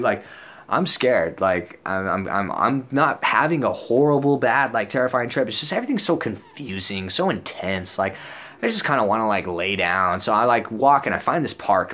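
A man's voice: on the low side, sharp tone. A young man vlogger telling a story casually. He rambles and swears, fills his talk with "like" and "dude", and acts out his own past lines in a raised voice. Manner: rambling and profane, full of "like" and "dude".

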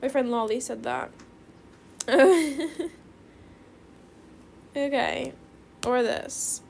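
Excitable teen girl creator, high voice with fry, chatty gameplay commentary. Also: very slow, slight background noise. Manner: calls viewers bestie. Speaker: gaming video creator.

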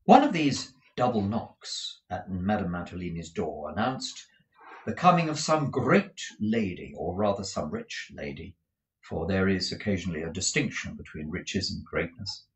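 A man's voice: low-pitched, sing-song, moderate pace, poor audio. A man reading a classic novel aloud as an audiobook, often stumbling and restarting words. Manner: frequent restarts and self-corrections. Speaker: audiobook reader.

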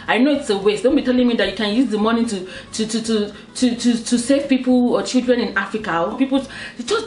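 A woman's voice: fairly high pitch, reverberant, distant mic. A young Nigerian woman with a Nigerian accent, joking and teasing through a comic vlog monologue full of rhetorical questions. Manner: animated, teasing, rhetorical questions, laughs often. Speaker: comedy vlogger.

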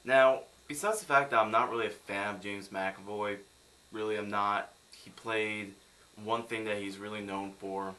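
A man's voice: on the low side, steady tone, moderate pace, bright, forceful tone, slight background noise. A young man from the United States ranting sarcastically in a film review vlog.

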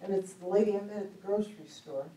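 A woman tells stories from the pulpit in a chatty, humorous way, breaking into laughter as she goes. Her voice sits at an ordinary pitch for a woman. It rings through a roomy church hall, picked up from some distance. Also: fast talker, warm tone, slight background noise. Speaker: speaker at a church conference. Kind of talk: storytelling sermon talk. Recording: echoey hall, mic at a distance.

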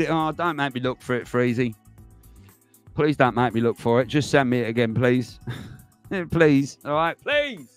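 A man's voice: fairly high pitch, a bit bright, no room sound. A man hosting a livestream, chatting casually to viewers, rambling and laughing as he goes. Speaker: livestream host.

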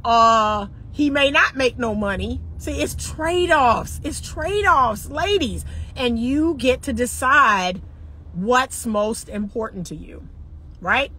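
A sassy woman over forty coaches her listeners with preachy, repeated punchlines. Her voice sits fairly high. The recording has clear background noise. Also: expressive, slow, pushed and bright, poor audio. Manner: sassy, preachy, repeats phrases for emphasis, acts out little dialogues. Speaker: relationship coach. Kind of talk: straight-talking advice monologue.

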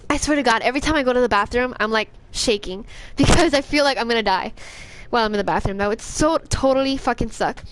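A woman's voice: fairly high pitch, fast. A young woman streaming a video game, cursing, panicking and taunting enemies as she plays. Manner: profane, jumpy, talks back to enemies. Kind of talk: live gameplay commentary.

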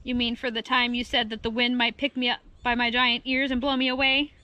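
A woman's voice: a little high, level tone, a little fast, lo-fi sound, lightly acted. A woman voicing a touchy male serval cat with giant ears, sounding indignant.

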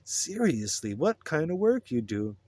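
Hippie drifter, male: man reading mellow and wry, a bit higher than narration. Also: big pitch swings, measured pace, dry recording.

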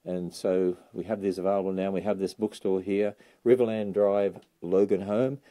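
A man's voice: deep voice, steady tone, moderate pace, dark tone. A man in his sixties with an Australian accent, chatting casually and enthusiastically on a livestream from inside a bookstore. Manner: enthusiastic, chatty, lots of uh fillers. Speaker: ministry leader giving a livestream tour. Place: bookstore indoors.

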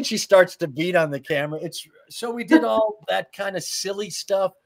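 A man guesting on a talk show, telling comic stories in a lively way, laughing as he goes and acting out lines. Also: sits high, moderate pace, gravelly. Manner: laughs through his stories, acts out lines. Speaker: guest, comedy writer. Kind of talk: animated anecdotal storytelling.

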